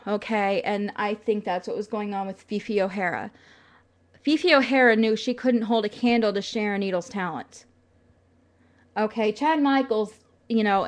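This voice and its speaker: Young woman vlogger, casual and earnest, filler-heavy, a little tearful, mid pitch. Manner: chatty and earnest, many fillers, laughs through. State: tearful at times. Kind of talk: casual talk to camera.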